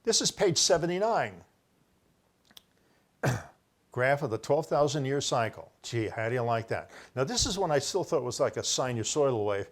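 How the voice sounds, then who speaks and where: An older man speaks in a mid-range, sing-song voice at normal speed. He gives a rambling solo lecture to camera, showing book pages as he presents his own research, often correcting himself and insisting he was first with an idea.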